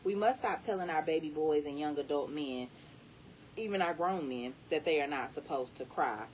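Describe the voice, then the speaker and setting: A woman's voice: low-pitched, moderate pace, a little mellow, far from the mic, a little hiss or hum, rough recording. A woman reading an inspirational book aloud with an emphatic, encouraging delivery. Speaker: reader.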